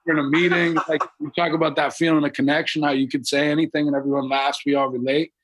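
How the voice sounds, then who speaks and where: A man's voice: fairly high pitch, little pitch movement, fast talker, a bit bright, low-quality recording. A man with a Boston accent, a guest talking casually and rambling a little on a video call from home. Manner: laid-back, rambling with fillers. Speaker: podcast guest, rapper and actor. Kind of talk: casual interview chat.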